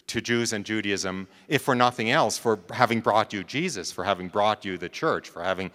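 At normal speed, a man with a lowish, slightly bright voice relates a personal story in a big-sounding room. His delivery is conversational, peppered with check-ins like "right?" and "you know".

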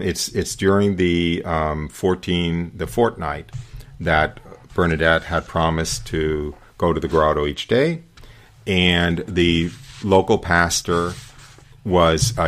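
A very deep-voiced man hosts a radio show, reading a religious account aloud and stopping to comment on it. He is digressive and pauses often, with fillers between thoughts. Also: fairly bright tone.

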